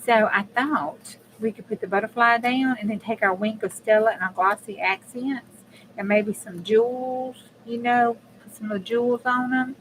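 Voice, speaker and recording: Chatty woman, high voice. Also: fairly even intonation, moderate pace, a little hiss or hum, low-quality recording. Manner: chatty and blunt, swears casually, talks to viewers. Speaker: crafting channel host. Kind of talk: casual live crafting chat.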